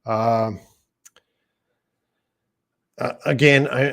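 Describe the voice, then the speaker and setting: Relaxed man teaching English. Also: lowish voice. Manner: casual and conversational, reads viewer questions aloud and answers them. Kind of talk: live-streamed lesson answering chat questions.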